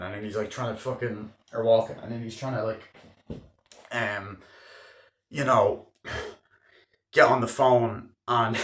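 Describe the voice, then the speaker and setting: A young man giving a casual spoken movie review, excitable and swearing freely, jumping into loud acted-out bits of scenes. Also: medium pitch. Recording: echoey room.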